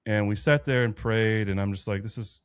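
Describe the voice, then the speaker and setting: A man's voice: fairly low pitch, brisk, clean tone, no echo, studio quality. A man in his thirties, a podcast guest, telling a personal faith story in an earnest, rambling way with many restarts. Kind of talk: personal faith testimony in conversation.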